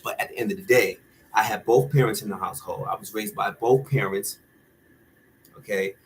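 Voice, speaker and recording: A man's voice: on the low side, fairly even intonation, moderate pace, slight background noise, poor audio. A man talking straight to the camera in a candid rant, blunt, profane and heated. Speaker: vlogger.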